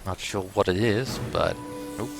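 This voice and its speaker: A man hosting a let's play, giving casual gameplay commentary with relaxed, muttered asides. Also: low-pitched, unhurried, vocal fry, music in the background.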